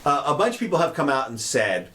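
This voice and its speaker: A man's voice: fairly high pitch, fast, noisy background. A middle-aged man co-hosting a casual news chat, joking and laughing often. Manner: lively, laughs often, jokey. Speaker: podcast co-host.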